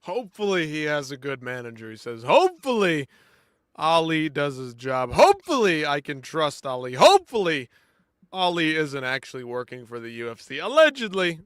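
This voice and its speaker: Animated man hosting a live fight show. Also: mid-range voice, brisk, hardly any pauses, smooth, dry recording, clean studio sound. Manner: animated, swings from loud outbursts to quiet asides; chatty, talks straight to viewers. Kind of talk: casual live-stream commentary.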